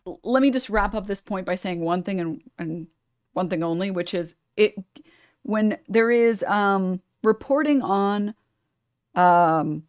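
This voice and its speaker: A woman's voice: medium pitch, moderate pace, clear, resonant tone, no echo, studio quality. A woman streamer giving a sarcastic, blunt commentary as she reacts to a video.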